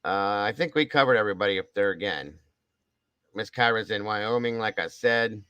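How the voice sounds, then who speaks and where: A man's voice: fairly low pitch, normal speed, smooth, no room sound, low-quality recording. A man hosting a casual livestream, reading out where viewers are from in a chatty, upbeat way with casual swearing. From Ohio. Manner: reads out viewer shoutouts, chatty. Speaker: livestream host.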